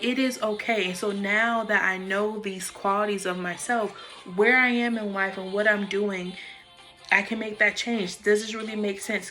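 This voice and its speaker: A woman's voice: medium pitch, gravelly, pushed and bright. A woman talking casually and frankly into her phone about meditation and personal growth, swearing freely. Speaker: vlogger. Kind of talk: casual spiritual monologue.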